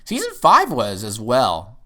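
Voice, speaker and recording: A man reviewing a TV episode in casual talk. He rambles and sometimes jumps up excitedly. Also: medium pitch, slow pace.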